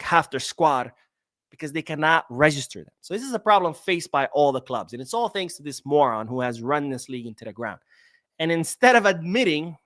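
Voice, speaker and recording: A man's voice: fairly high pitch, fairly bright tone, no room sound, clean studio sound. A young man hosting a live-streamed football podcast, ranting sarcastically and reading out viewer comments. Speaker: podcast host.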